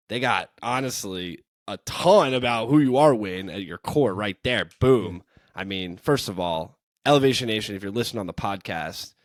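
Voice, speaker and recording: A man's voice: fairly low pitch, no room sound, studio quality. A man co-hosting a podcast, hyped and playful in banter. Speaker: podcast co-host. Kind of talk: casual podcast chat.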